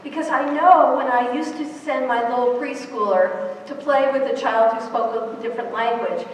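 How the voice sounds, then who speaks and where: A woman's voice: high voice, normal speed, slight background noise. Woman giving a keynote in an echoey hall. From New York. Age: middle-aged. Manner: engaging, asks the audience rhetorical questions. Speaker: keynote speaker. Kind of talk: conference keynote speech. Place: large conference hall. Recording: echoey hall recorded from far off.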